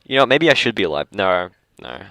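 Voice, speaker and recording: A man's voice: deep voice, very animated, fast, fairly bright tone, no echo. A young Australian man hosting a casual podcast, rambling and correcting himself as he goes. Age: young adult. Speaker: podcast host. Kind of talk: casual chat. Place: school library.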